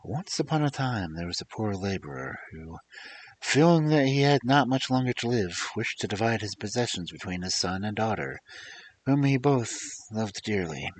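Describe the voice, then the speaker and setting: A man reading fairy tales aloud as a storyteller, expressive and theatrical, with chatty asides to his listeners, on a desk microphone. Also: on the low side, normal speed, slight background noise.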